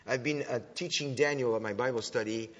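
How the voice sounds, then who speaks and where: Fairly quick and mid-range in pitch, he talks to an audience at a church teaching in a sermon-style, conversational way. He keeps correcting and restarting himself through animated retellings; the lo-fi, dull recording echoes in a large hall.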